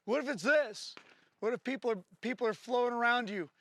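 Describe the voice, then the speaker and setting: A man's voice: very high voice, fairly quick, a bit bright. A man working as a firearms instructor, explaining drills to his class with jokes and then barking short range commands. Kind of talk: live training-class instruction.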